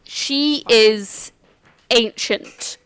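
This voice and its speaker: A woman acting as game master, calmly explaining the characters and rules of a tabletop game with some restarts. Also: a little high, drawn-out words, clean tone.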